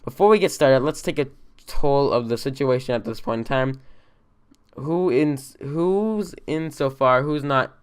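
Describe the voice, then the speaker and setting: A man's voice: medium pitch, unhurried, clean tone, natural voice. A man voicing an exasperated troll leader. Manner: exasperated, ranting, rambling. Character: irritable bossy young male troll leader. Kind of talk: fan dub of a webcomic.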